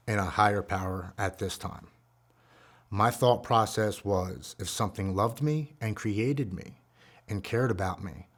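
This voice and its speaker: A man in his forties telling a raw, heartfelt story of his own recovery. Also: lowish voice. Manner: earnest, raw and heartfelt, reliving painful memories. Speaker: guest speaker sharing a recovery story. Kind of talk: personal storytelling.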